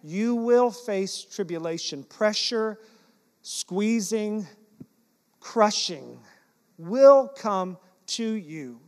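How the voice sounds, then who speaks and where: In a church sanctuary full of lingering reverb, a high-voiced man preaching from the pulpit recounts stories from his own life. He shifts between poking fun at himself and urging his listeners earnestly, all told in a lively, self-deprecating way.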